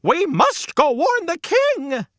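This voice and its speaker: Storybook hen, shrill and frantic, man performing. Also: wildly swooping pitch, slow, a bit bright, no room sound, studio quality, full character voice. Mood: panicked. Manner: frantic, shrieking alarm. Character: shrill panicky hen, female.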